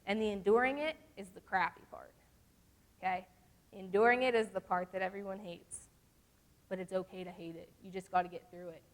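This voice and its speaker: Young woman, youth teacher; earnest, conversational, slows down for scripture. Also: medium pitch, steady tone. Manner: earnest, conversational, reads verses slowly. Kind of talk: casual church lesson with scripture reading.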